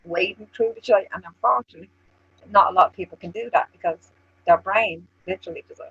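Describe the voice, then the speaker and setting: An Irish woman co-hosts a loose online chat with a husky, rough voice. She is blunt and curses freely. Her audio is slightly dull. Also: mid-range voice, fast talker, dry recording. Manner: blunt, profane, animated. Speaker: co-host. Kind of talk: casual chat, storytelling.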